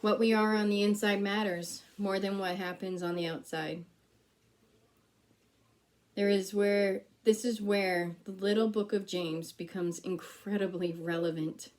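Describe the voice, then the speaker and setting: A woman's voice: mid-range voice, fairly even intonation, a little slow, a little mellow. A woman giving a sermon in a church, speaking conversationally and telling a personal story with quoted back-and-forth dialogue. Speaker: preacher.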